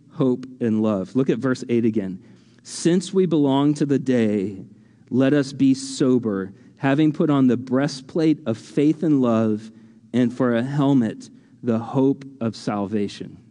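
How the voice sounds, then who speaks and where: A man's voice: warm tone, in a large hall. A man pastor teaching a sermon in a loose, conversational way, full of fillers and restarts, lifting his voice when he acts out imagined speakers. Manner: rises in pitch acting out imagined voices.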